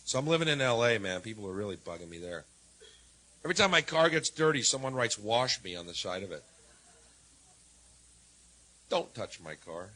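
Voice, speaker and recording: A man performing a stand-up routine in a wry, sardonic way, swinging between low mutters and loud jabs. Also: very animated, moderate pace, long pauses, rough recording. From United States. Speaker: stand-up comedian.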